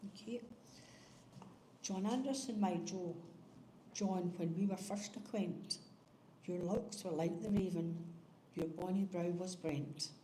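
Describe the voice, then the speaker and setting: A woman reading a poem at a memorial service, gently explaining the old words first. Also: fairly low pitch, a little slow. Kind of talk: poetry reading at a funeral. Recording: echoey hall with faint noise.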